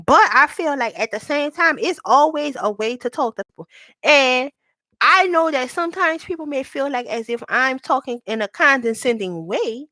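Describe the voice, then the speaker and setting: A woman with a fairly high voice gives a live tarot reading, candid and reassuring, calling her viewers sweetheart. The sound is dry and close, with little room echo. Her voice slows down when she reads card meanings aloud. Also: expressive, sharp tone.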